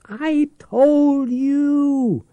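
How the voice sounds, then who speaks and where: A man's voice: on the low side, animated, measured pace, mellow, no echo. A man reading aloud, voicing a wizened, bitter old pawnbroker who snarls and shrieks with sour hatred. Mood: screaming. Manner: snarling, sour, rising to screams.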